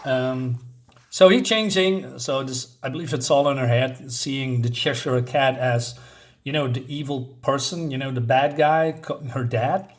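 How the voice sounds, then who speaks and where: A man's voice: medium pitch, unhurried. A man casually retelling and reviewing a comic book, rambling along with fillers and small chuckles.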